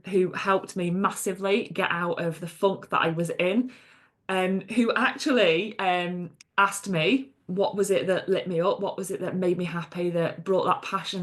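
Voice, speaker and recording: A coach from England hosts her own podcast, speaking unscripted in a solo monologue. Her voice is lowish with a fairly bright tone, and she's chatty and emphatic, full of fillers, "okay?" asides, and blunt swearing.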